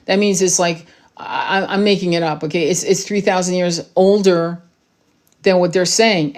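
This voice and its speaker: A woman giving an impassioned spiritual monologue to her audience, blunt and profane, with emphatic rhetorical asides. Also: on the low side. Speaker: spiritual channel host.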